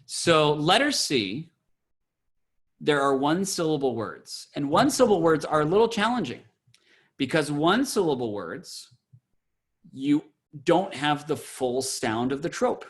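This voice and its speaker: A man, a cantor, teaching a Torah trope class over a video call, explaining and then chanting words slowly. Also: on the high side, expressive. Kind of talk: online Torah trope lesson.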